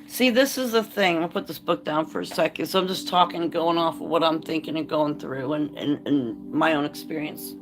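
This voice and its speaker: A woman's voice: deep voice, normal speed, few pauses, music in the background. A woman talking to camera in a candid vlog, blunt and profane, moving from reading aloud to an impassioned rant. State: choked up. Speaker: vlogger.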